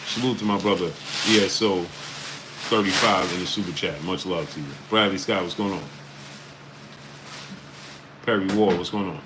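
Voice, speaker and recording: A man with a New York accent and a very low voice hosts a casual live stream, rattling off viewer names with quick greetings. He speaks bluntly and with emphasis, and a faint hum sits behind him. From Brooklyn, New York.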